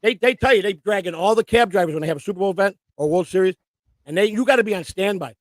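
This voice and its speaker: High-voiced guy rambling profane stories on a stream, dry close mic. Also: fast talker, dry recording. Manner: profane, rambling, restarts sentences. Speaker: co-host and storyteller. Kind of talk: casual chat, rambling anecdotes. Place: home live-stream setup.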